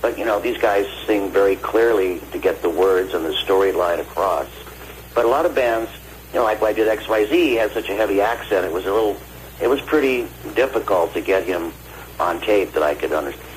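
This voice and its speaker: Older guy calling in, deep voice, tells studio stories and acts out the back-and-forth, faint hiss on the line. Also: brisk. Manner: animated, acts out quoted dialogue. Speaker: guest vocalist and producer. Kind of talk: phone interview storytelling. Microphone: phone line. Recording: phone call with faint noise.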